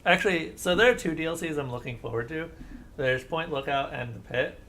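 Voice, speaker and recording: A man's voice: fairly high pitch, expressive, fairly quick, a bit bright, slight background noise. Rambling, sarcastic male game streamer. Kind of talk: casual live-stream chat over gameplay.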